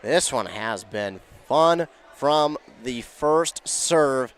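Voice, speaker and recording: A man giving excitable play-by-play commentary on a high school volleyball match, shouting on big plays. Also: drawn-out words.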